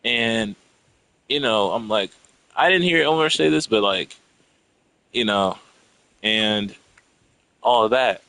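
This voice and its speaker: A young man with a somewhat low voice vents in a loose, rambling way, swearing freely. He sounds irritated and worked up, piling one complaint on the next. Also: expressive, slow pace, long pauses, pushed and bright, dry recording, poor audio. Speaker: storyteller venting to a friend. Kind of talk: casual rant.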